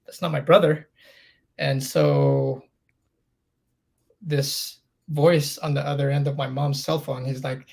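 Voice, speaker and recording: Podcast guest, middle-aged man, gravelly and slightly high voice, earnest storyteller. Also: level tone, slow pace, pauses often, darkish tone. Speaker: interview guest. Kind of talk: candid storytelling in a podcast interview.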